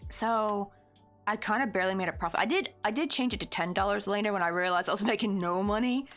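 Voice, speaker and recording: A woman's voice: medium pitch, fast talker, a bit bright, faint music behind. A woman in her thirties hosting a crochet livestream, chatting casually in a rambling way with lots of fillers and easy laughs.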